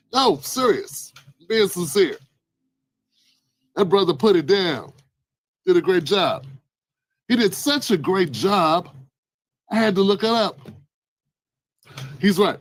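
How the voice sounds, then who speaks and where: A man calmly explaining the news as an online commentator, in a measured, wry way. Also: high voice, no echo, poor audio.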